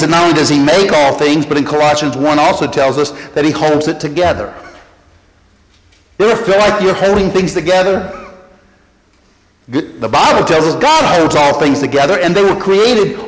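A man preaching a sermon as pastor, animated and repeating key phrases. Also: a little high, normal speed. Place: church sanctuary. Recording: echoey church hall.

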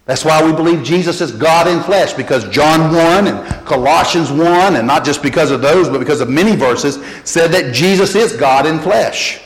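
A man preaching a sermon as pastor, animated and repeating key phrases. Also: a little high, moderate pace, hardly any pauses. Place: church sanctuary. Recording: echoey church hall.

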